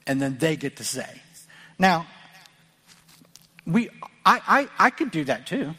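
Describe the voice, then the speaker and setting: A man's voice: on the high side, very animated, slow, long pauses, pushed and bright, husky. A middle-aged Midwestern pastor preaches earnestly to his congregation, his slightly raised voice carrying a long hall reverb. He talks plainly and conversationally, often restarting his sentences as he drives each point home. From American Midwest. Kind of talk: sermon.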